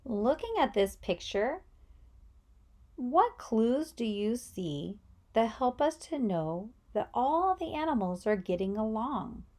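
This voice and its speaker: A woman's voice: fairly high pitch, sing-song, slow, mellow. A woman teacher giving a reading lesson, encouraging children and asking them questions. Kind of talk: read-aloud reading lesson.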